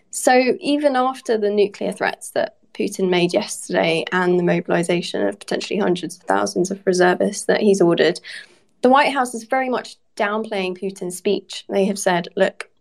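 A woman correspondent on a news podcast, giving measured, clear analysis. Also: medium pitch, darkish tone.

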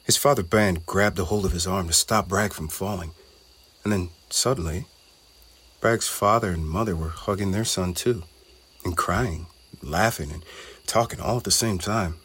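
A man narrating a children's storybook in a gentle, measured way. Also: low-pitched, breathy edge.

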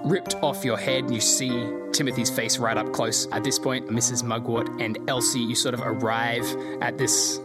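A man's voice: mid-range voice, flat delivery, moderate pace, over loud music. A man running a tabletop game as game master, narrating loosely with fillers.

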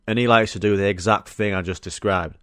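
A man's voice: lowish voice, fairly even intonation, brisk, fairly bright tone, no room sound, clean studio sound. A young man hosting a solo podcast, chatting casually and swearing through rambling stories. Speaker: podcast host.

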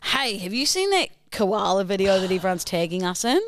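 A woman's voice: medium pitch, big pitch swings, a little fast, fairly bright tone, no echo, studio quality. A woman co-hosting a podcast, joking and swearing in playful banter. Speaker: podcast co-host. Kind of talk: casual chat.

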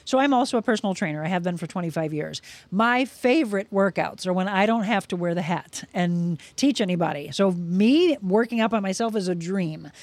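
A woman's voice: fairly low pitch, fairly quick, few pauses, no room sound. A middle-aged woman, a podcast guest, telling a personal story in casual chat and acting out the quoted dialogue. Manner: lively, acts out quoted dialogue.

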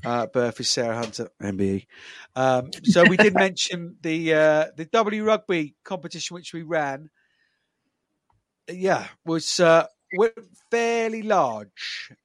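Co-hosting a laid-back podcast, a man with a slightly high voice talks in a loose, wandering way, full of restarts and filler words. There's no room sound in the recording.

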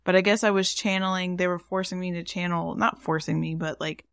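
A woman's voice: lowish voice, steady tone, a little fast, creaky, no room sound, studio quality. A woman paranormal investigator and psychic chatting casually, full of fillers and restarts. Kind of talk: casual podcast chat.

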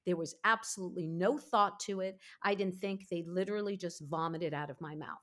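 A woman in her fifties, a podcast host, telling her own story in a candid, emphatic, animated way. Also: fairly low pitch, a little fast. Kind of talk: candid conversational interview.

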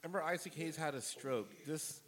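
A man's voice: on the high side, brisk, a crowd in the background. A man casually wisecracking about a movie as co-host, blunt in manner.

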